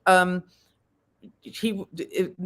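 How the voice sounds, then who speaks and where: Rambling low-voiced woman streamer. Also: little pitch movement, drawn-out words, fairly bright tone. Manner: rambling, with frequent restarts and searching for words. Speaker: commentator hosting a members' live stream. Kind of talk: casual live commentary.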